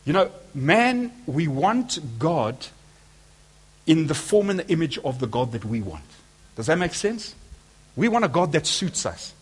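Husky-voiced man preaching a sermon. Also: on the high side, very animated, unhurried, pauses often. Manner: emphatic, asks the audience rhetorical questions.

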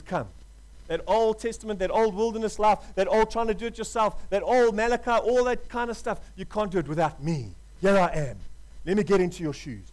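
A man preaching a sermon with passion, dropping to a hush and rising to loud appeals, calling his listeners "folk". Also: high voice, low-quality recording. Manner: passionate, swings from hushed to loud.

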